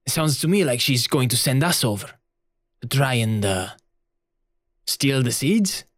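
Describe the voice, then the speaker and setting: A man playing a tabletop game, talking in a relaxed, casual way. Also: medium pitch, unhurried, no room sound, studio quality. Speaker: player. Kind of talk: tabletop role-play.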